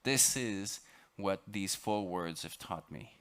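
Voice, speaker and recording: Expedition lecturer, male, French accent, deep voice, dramatic motivational storytelling with halting repeats. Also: fairly bright tone. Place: lecture on a cruise ship.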